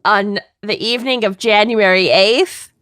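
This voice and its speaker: A woman's voice: mid-range voice, unhurried, fairly bright tone, clear, resonant tone, dry recording. A woman co-hosting a casual podcast, chatting and laughing often. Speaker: podcast co-host. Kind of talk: casual chat.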